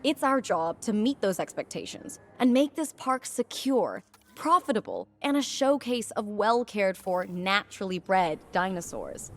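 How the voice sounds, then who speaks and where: An actress playing a businesslike female manager in a video game, crisp and demanding. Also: mid-range voice, sing-song, moderate pace.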